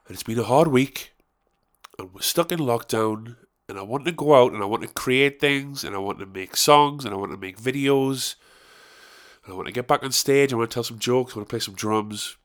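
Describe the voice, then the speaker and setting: A man's voice: medium pitch, normal speed. A man, talking alone in a rambling, chatty and self-mocking way with some swearing. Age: 30s. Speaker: comedian and musician. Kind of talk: casual solo monologue.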